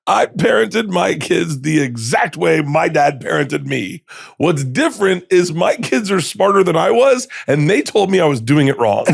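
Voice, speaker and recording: A man in his fifties, a comedian guest telling stories in a lively, casual way, acting out the voices in them. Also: fairly high pitch, a little slow, vocal fry, slightly rough, no room sound, studio quality. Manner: animated, acts out voices in his anecdotes, swears casually. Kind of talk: storytelling in casual conversation. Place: podcast studio.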